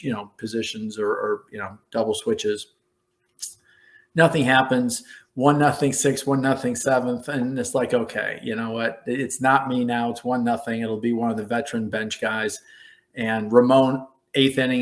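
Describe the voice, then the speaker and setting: A middle-aged American man sits as a podcast guest and spins a story from his playing days. He talks at an easy conversational pace, then pitches his voice way up to act out the shouts of coaches and his own excited replies. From United States. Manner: animated storyteller who acts out quotes in a raised voice. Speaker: former baseball player, guest.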